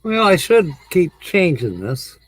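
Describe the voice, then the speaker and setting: A man's voice: high-pitched, big pitch swings, measured pace, slightly rough, no echo, rough recording. A man hosting a casual livestream, chatting easygoingly with viewers and rambling with frequent chuckles. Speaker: livestream host. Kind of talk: casual livestream chat reading viewer comments.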